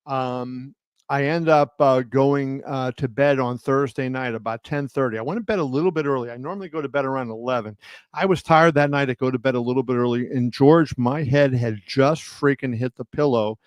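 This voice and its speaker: A man's voice: mid-range voice, fairly quick, clean tone, dry recording. A man hosting a live stream as a boxing journalist, telling stories with many fillers and restarts and acting out quotes with a raised voice. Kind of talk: casual live-stream storytelling. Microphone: home setup on a live video stream.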